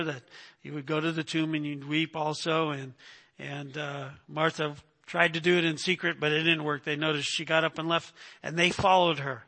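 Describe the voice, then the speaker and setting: A man with a high, bright voice preaches in a relaxed, conversational way, stopping often to ask his listeners "right?" He reads each verse aloud and then explains it. A long reverb trails after his words, as in a big church sanctuary. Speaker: pastor. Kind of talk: expository sermon.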